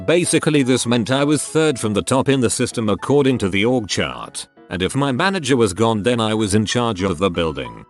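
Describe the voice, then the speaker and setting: A man reading online stories aloud as a narrator, in a steady, even storytelling manner. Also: on the low side.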